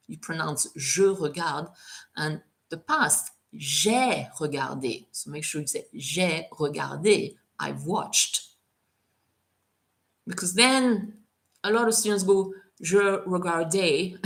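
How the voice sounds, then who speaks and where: A woman teaching French on a live stream, talking in a relaxed, chatty way full of fillers. Her voice sits low and she takes her time. She slows right down to spell out careful French examples. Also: creaky. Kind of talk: live Q&A tutoring session.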